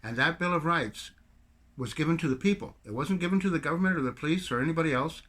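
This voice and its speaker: A man's voice: fairly high pitch, lively intonation, fast, a bit bright. A man from Canada giving a rambling, sarcastic political rant to camera as a video commentator. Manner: rambling, sarcastic storyteller with mocking put-on French bits.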